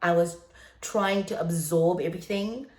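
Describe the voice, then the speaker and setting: A young adult woman vlogging in a casual, chatty way, animated and laughing often, with many fillers. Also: lowish voice, normal speed. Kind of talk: casual chat. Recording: echoey room.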